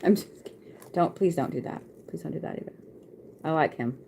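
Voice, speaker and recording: A woman's voice: low voice, brisk, creaky, mellow, a little hiss or hum. A woman, chatting casually on a live stream as a card reader, laughing often and swearing freely.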